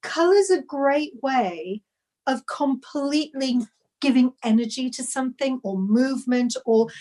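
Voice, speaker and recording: High-voiced woman on a video call, gushing about her knitting, rambly, keeps restarting. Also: lively intonation, a little slow, warm tone. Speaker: knitwear designer. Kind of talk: casual live video chat.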